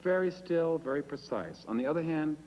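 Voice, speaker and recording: A man's voice: fairly high pitch, animated, a little fast, in a large hall, muffled recording, a little hiss or hum. Wry man telling a stage monologue. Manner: wry, self-deprecating, acts out dialogue. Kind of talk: theatrical storytelling monologue.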